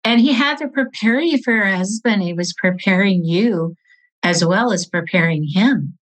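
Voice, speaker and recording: A woman's voice: mid-range voice, moderate pace. A woman hosting a faith podcast interview, affirming her guest in an encouraging way. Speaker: podcast host. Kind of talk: interview conversation.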